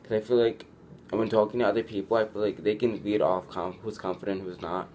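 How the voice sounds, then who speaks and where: Low-voiced young guy, chatty and loose. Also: little pitch movement, a little fast, a little mellow, slight background noise. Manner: chatty, heavy use of "like", restarts, acts out quoted lines. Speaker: vlogger. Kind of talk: casual advice vlog.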